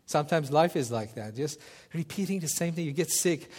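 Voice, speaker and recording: Male preacher, slightly high voice, animated sermon storyteller, acts out quotes. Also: fairly quick.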